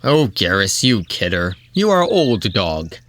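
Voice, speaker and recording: A man voicing a boastful heroic male fighter who makes stiff, loud declarations. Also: medium pitch, big pitch swings, unhurried, a little hiss or hum.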